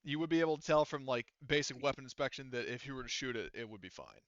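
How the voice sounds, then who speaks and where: A man's voice: mid-range voice, quick pace, fairly bright tone, no echo, muffled recording. A man running a tabletop game as game master, rambling through his descriptions with lots of fillers and restarts.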